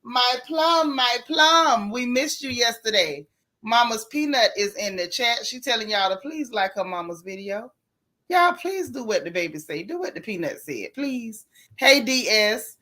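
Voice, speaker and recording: Woman livestream host, bright forceful voice, higher pitch, chatty, greets viewers by name. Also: unhurried. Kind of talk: casual livestream chat.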